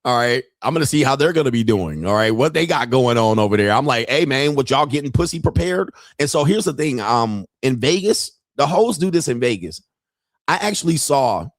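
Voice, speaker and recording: A man's voice: medium pitch, no echo. Crude, blunt male stream host. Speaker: podcast host. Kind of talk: casual livestream talk, reading chat messages.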